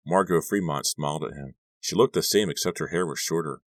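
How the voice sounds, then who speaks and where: A man narrating a young adult horror novel in a measured reading. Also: extremely low pitch, dry recording, clean studio sound. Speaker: audiobook narrator. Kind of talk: scripted narration.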